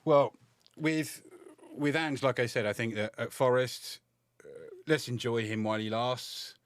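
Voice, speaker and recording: Man, football podcast co-host, measured and blunt, dry close sound. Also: mid-range voice, fairly even intonation, clear, resonant tone, no room sound. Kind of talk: casual football chat.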